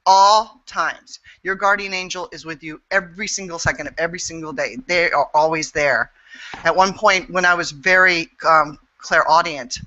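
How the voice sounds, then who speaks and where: A woman's voice: lowish voice, sharp tone, muffled recording. A woman speaking as an interview guest and intuitive healer, frank and earnest, swearing freely as she talks. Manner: earnest and emphatic. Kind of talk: candid interview talk.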